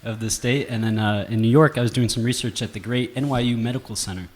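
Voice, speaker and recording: A man from Ohio with an American accent, a guest comedian on a radio show, deadpan and self-mocking. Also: mid-range voice, fast talker. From Ohio, USA. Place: radio studio.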